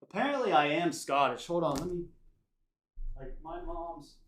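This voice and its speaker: A man's voice: fairly high pitch, expressive, normal speed, a bit bright. Rambling American man in a roomy room. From United States. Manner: rambling, tangent-prone. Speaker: streamer. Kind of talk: casual chat with stream viewers. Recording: roomy echo.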